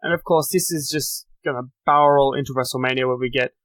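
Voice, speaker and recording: A man's voice: mid-range voice, fairly even intonation, fairly quick, fairly bright tone, dry recording. A man hosting a solo podcast, giving a chatty, opinionated recap of the week's wrestling shows. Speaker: podcast host.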